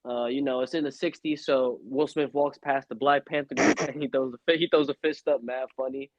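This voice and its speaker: A young man co-hosting a casual wrestling podcast, loud and joking, often slipping into mocking voices. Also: mid-range voice, steady tone, a little fast, no room sound, dull audio. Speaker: podcast co-host.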